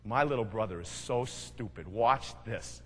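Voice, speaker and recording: A man's voice: measured pace, breathy edge. A man doing a sneering thirteen-year-old brother. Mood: mocking. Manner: low, conspiratorial, hushed. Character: mocking teenage older brother, thirteen, sneering. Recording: long hall reverb.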